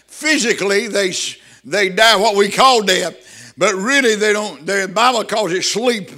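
An older man preaching a sermon, fervent and breaking into shouts of praise. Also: very high voice.

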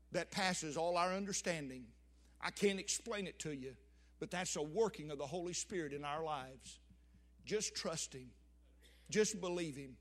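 An older man preaching a sermon, with emphatic swells and sudden drops. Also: high voice.

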